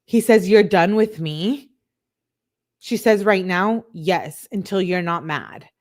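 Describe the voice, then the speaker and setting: A woman's voice: fairly low pitch, animated, slow. A woman hosting a true crime channel, reading text messages aloud in a casual way and breaking off for chatty asides full of fillers.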